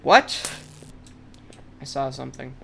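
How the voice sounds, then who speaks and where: A man commenting on a game in a loud, joking and reactive way. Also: medium pitch, animated, slow pace, creaky, noisy background. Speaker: gaming video creator. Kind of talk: let's play commentary.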